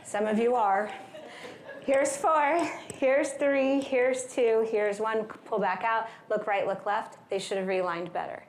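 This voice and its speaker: A woman's voice: a little high, slow, slight background noise. Upbeat woman speaker in echoey hall. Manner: energetic, upbeat, playful asides with laughs. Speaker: wellness speaker. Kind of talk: live conference talk leading movement and breathing. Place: large conference hall.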